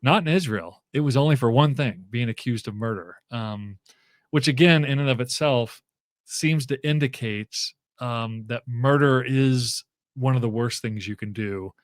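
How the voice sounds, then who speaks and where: Man, podcast guest, conversational, mid-pitched, lots of ums and restarts, dry booth-like sound. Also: moderate pace, no echo. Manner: loose, thinking aloud with many fillers and restarts. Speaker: guest author and professor. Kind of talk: casual interview conversation.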